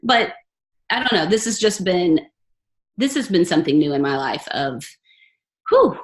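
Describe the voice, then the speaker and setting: A woman's voice: on the low side, very animated, moderate pace. A middle-aged woman, a podcast guest, telling personal stories in an earnest, chatty way and laughing often. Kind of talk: casual interview chat.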